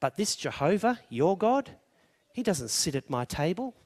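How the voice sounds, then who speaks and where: A man's voice: high-pitched, sing-song, normal speed, a little mellow. A middle-aged Australian man preaching a sermon, telling stories and building to emphatic declarations. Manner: storytelling, rising to emphatic declaration.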